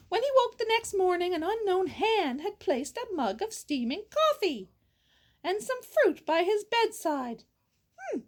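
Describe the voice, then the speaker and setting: A woman's voice: extremely high pitch, very animated, a little slow. A woman reading a fairy tale aloud in a playful way, breaking off for goofy asides and sound effects. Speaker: storyteller. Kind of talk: storytelling read-aloud.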